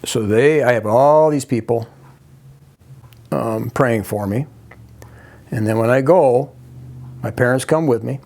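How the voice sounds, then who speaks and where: An older man from Wisconsin, a guest telling a personal story in a halting way, full of restarts and asides. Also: mid-range voice, gravelly, a little mellow.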